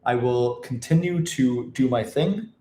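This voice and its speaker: A man vlogging in casual chat to camera, energetic and chatty, swearing freely, from his apartment. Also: medium pitch, a little slow. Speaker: travel vlogger. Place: apartment room, indoors. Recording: roomy echo in an apartment.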